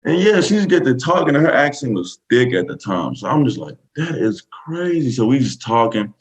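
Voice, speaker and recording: A man's voice: medium pitch, lively intonation, brisk, poor audio. A man with a Southern US accent, a podcast guest telling a story casually, rambling with many fillers. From Texas, USA.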